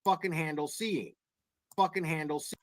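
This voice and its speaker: A man's voice: fairly high pitch, fairly even intonation, moderate pace, natural voice. A man in a streamed clip, ranting and repeating himself in a mocking put-on Aussie voice. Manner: ranting, repetitive, mocking fake accent.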